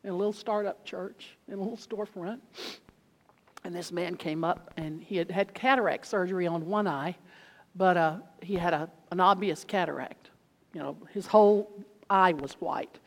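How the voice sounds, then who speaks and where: A woman's voice: on the low side, normal speed. Woman preaching in a reverberant hall. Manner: animated, swings from loud exclaiming to hushed tones. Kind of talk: sermon storytelling.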